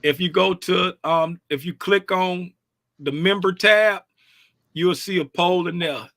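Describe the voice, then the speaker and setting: A man hosts a casual livestream, chatty and repetitive, drawling along. His voice sits high and bright. The sound is close and dry. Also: unhurried, no room sound. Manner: chatty, repetitive, drawling, sing-song asides. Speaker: livestream host.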